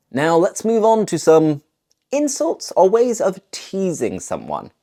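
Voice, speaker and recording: Low and mellow of voice, a British woman walks through English slang in a scripted on-camera language lesson. She takes her time, playfully explaining every term and letting her intonation rise and fall as she demonstrates phrases.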